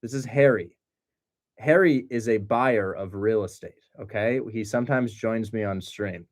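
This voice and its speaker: Young guy hosting a chatty stream, lowish voice, gets excited and jokes around. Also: unhurried. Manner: excitable and joking, breaks into loud mock accents. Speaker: host of a livestream on real estate wholesaling. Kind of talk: casual livestream talk.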